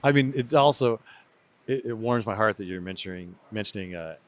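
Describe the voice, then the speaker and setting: A man's voice: fairly low pitch, brisk. A man hosting a golf podcast, chatty and upbeat, steering the talk and laughing easily. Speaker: podcast host. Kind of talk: casual podcast chat.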